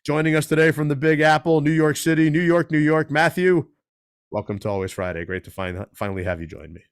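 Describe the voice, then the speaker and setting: A man's voice: a little high, brisk, clear, resonant tone, dry recording, clean studio sound. A man hosting a talk radio show. He reads a long guest introduction and drops joking asides along the way. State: out of breath.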